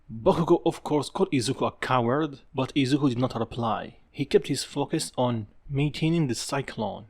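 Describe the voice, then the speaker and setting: A man narrating a fan story in a casual, offhand way. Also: mid-range voice. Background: background music.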